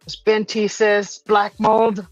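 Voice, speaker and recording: A chatty woman hosting a livestream from home, reading out viewer comments and rambling with plenty of "uh" fillers. Her voice sits in a middle pitch, and the sound is dry and a little dull and lo-fi. Faint music plays under her talk. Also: little pitch movement, slow pace, dry recording. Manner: chatty, rambling, many "uh" fillers, laughs often. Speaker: livestream host.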